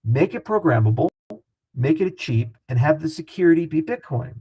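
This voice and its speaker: A man speaking as an interview guest, talking fast and animated in a casual, profane way. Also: on the high side, breathy edge, muffled recording.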